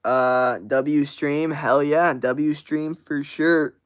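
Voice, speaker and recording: A man's voice: on the high side, fairly even intonation, extremely slow, smooth. A man hosting a casual livestream, chatting loosely with lots of slang, swearing and filler words while reading viewer chat aloud. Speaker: livestream host.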